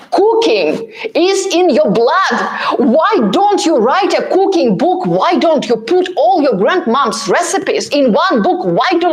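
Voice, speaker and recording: Blunt, chatty woman with a higher voice. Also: a little hiss or hum. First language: not English. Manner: blunt, animated and pushy, with many fillers. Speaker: host answering viewer comments. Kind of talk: live-stream Q&A chat.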